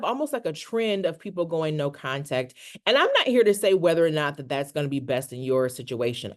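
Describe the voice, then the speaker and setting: A counselor leads an online workshop over a video call, her medium-pitched voice relaxed and conversational. She keeps checking in with listeners by asking "right?"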